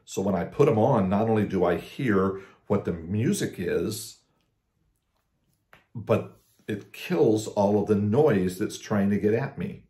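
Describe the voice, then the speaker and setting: Low, mellow-voiced male pastor. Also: reverberant. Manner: conversational, with frequent restarts and slow emphasis on scripture. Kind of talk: casual devotional talk.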